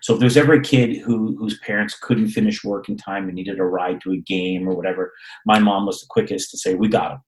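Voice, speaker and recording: Deep-ish male storyteller, animated, acts out other people's lines. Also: fairly quick, slight background noise, low-quality recording. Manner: animated, acts out quoted voices, repeats words. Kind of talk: storytelling in casual chat.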